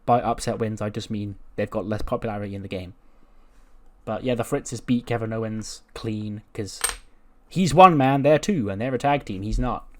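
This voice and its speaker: A man's voice: lowish voice, normal speed, a bit bright, a little hiss or hum. Chatty man recapping a wrestling sim. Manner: chatty, retelling scenes with quoted voices. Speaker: game video creator. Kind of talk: casual commentary on a wrestling sim playthrough.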